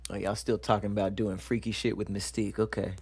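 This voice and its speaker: A man's voice: lowish voice, level tone, quick pace, vocal fry, darkish tone, husky, no echo. A man hosting a casual live stream, joking with chat and stumbling over long science words as he reads them aloud. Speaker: livestream show host.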